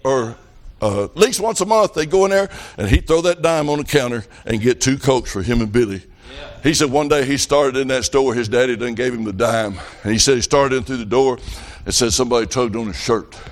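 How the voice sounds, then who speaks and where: A man's voice: mid-range voice, a little fast. A middle-aged man preaching a revival sermon, telling folksy stories that rise to fervent calls.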